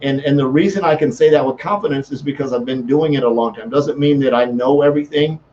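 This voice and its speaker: Man, sales coach, motivational talk, fervent and repetitive, mid pitch, slightly muffled recording. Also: quick pace, a little mellow, a little hiss or hum. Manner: fervent, repetitive, restarts often.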